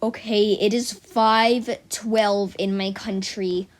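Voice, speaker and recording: A woman's voice: mid-range voice, steady tone, takes it slowly. A teenage girl rambling casually to her viewers in a silly, chatty vlog, full of "like" and tangents. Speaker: vlogger.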